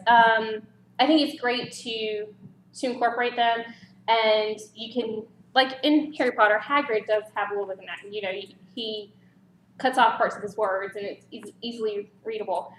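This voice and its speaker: A fairly high-voiced woman leads a writing workshop in a library meeting room, talking in a loose, chatty way. She is animated and laughs lightly now and then. The room has an audible echo. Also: normal speed. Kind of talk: casual workshop talk. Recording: roomy echo, faint background noise.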